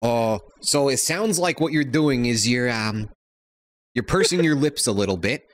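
A man's voice: mid-range voice, animated, normal speed. Playful guest streamer man. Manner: playful, teasing banter. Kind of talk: casual chat. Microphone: close desk mic.

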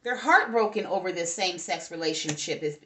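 Brisk and lively in intonation, with a fairly bright voice on the low side, a tarot reader does a casual session for her audience. She talks to both viewers and spirits, and "okay?" comes up constantly.

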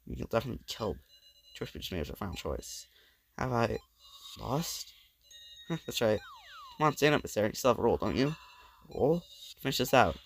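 Male let's play host with a gravelly, creaky voice, reading game dialogue aloud with stammering dramatic reads. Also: mid-range voice, sing-song, brisk, long pauses, slight background noise.

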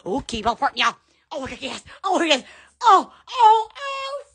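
A woman's voice: very high-pitched, very animated, unhurried, a bit bright. A woman hosting a casual live stream from her phone at home, gushing, laughing often and exclaiming over and over. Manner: repeated exclamations. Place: indoors at home.

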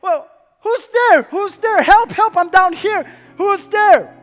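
A man puts on a terrified young man hanging from a branch over a drop, his voice jumping high as he yells and pleads for someone to save him. The voice is bright and piercing. It carries through a big reverberant room with faint music underneath. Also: lively intonation, normal speed. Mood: anxious. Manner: frantic yelling and begging. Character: panicked young man clinging to a cliff branch.

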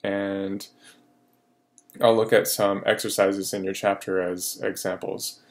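A man teaching a recorded French lesson, slow and patient with many fillers, repeating each French phrase. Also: sits low, little pitch movement.

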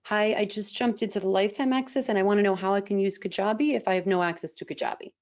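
A woman's voice: medium pitch, steady tone, fast, darkish tone, muffled recording. A woman co-hosting a casual Q&A who reads viewer questions aloud and laughs easily. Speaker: coach and co-host reading viewer questions.

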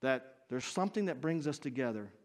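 A man in his fifties preaching a sermon as pastor, earnest and building to loud, emphatic bursts. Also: mid-range voice, expressive, fairly quick. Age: 50s.

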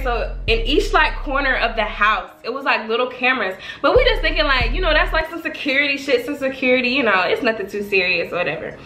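A young woman reacting to a reality show trailer in a casual vlog, loud and profane, laughing and talking straight to her viewers. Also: high-pitched, reverberant.

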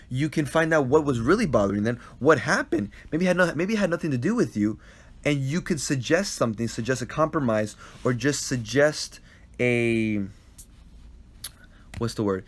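A man hosting a casual live-stream Q&A, earnestly answering viewer questions about life and relationships, often repeating himself and checking in with the listener. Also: mid-range voice. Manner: earnest and repetitive, checks in with "right?". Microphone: phone live stream.

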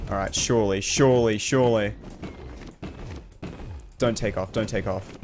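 A young Australian man giving live commentary on his own gameplay as a streamer, reacting aloud with slang and quick laughs. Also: lowish voice, steady tone, noisy background. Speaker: game streamer.

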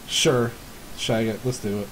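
A man running a tabletop game as game master, laughing often and filling pauses with "like" and "uh". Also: mid-range voice, fairly even intonation, a bit bright, slight background noise, rough recording. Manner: laughs often, many fillers.

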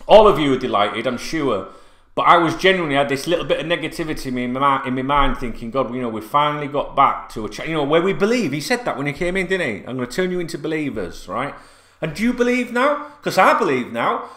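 A man vlogging as a football fan, rambling and swearing a lot, repeating himself and bursting into shouts, sitting at home. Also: medium pitch, animated, a little fast. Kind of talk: excited unscripted video rant. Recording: echoey room.

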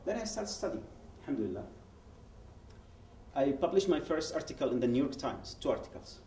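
A man's voice: mid-range voice, fairly quick, slight background noise. Man telling his story in a roomy hall. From Yemen. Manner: animated, acts out quoted dialogue, frequent restarts. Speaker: guest speaker at a public event. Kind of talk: personal testimony told as a story. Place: event hall. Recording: roomy hall, speaker far from mic.

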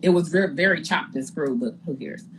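A woman retelling a story in a casual live-stream chat, animated and indignant, often stammering and repeating words as she builds her point. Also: sits low, brisk, slight background noise, poor audio. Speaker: reality TV guest recounting her experience.

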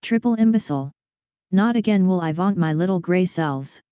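A woman voicing a fussy, excitable middle-aged male detective who breaks into French words, in a dull lo-fi recording. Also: lowish voice, normal speed, clean tone, no room sound, lightly acted. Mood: urgent. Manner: exclamatory, peppered with French words.

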